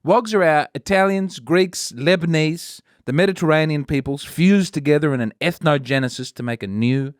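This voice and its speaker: A man's voice: fairly high pitch, normal speed, few pauses, smooth, no echo. An Australian man chatting as a podcast guest, dry and rambling, often trying out accents. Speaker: guest comedian. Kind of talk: casual podcast chat.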